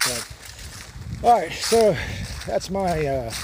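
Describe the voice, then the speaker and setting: Very slow and high-sitting, with big swings in pitch, a man records a casual vlog monologue while hiking a mountain trail. As a long-distance hiker, he meanders in a laid-back way, saying "uh" frequently, against a backdrop of outdoor noise.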